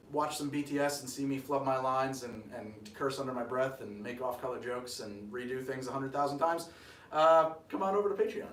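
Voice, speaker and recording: A man's voice: medium pitch, fairly bright tone, reverberant, recorded from a distance, slight background noise. A man hosting a cocktail show, chatting casually on a live stream as he makes a drink, with rambling, self-deprecating asides.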